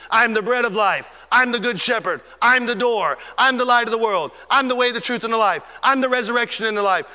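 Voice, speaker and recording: A man preaching a fervent sermon, stretching key words and swinging between loud and soft. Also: very high voice, in a large hall.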